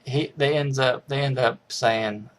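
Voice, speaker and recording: A man's voice: medium pitch, a little slow, a bit bright. A man casually recapping a movie's plot in a rambling way, restarting sentences and chuckling as he goes. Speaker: movie reviewer.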